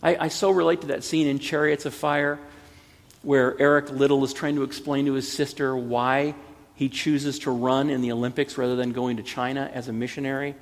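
A man in his fifties, a pastor preaching a sermon in an earnest, pleading way that builds to emphatic peaks, with a gravelly, husky voice. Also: mid-range voice, little pitch movement, moderate pace, in a large hall.

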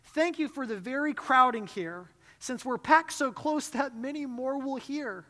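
A woman voicing a devout, gentle young woman prisoner who speaks with bright, earnest encouragement. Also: sits high, big pitch swings, unhurried, pitched above the performer's own voice. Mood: serene. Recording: long hall reverb.

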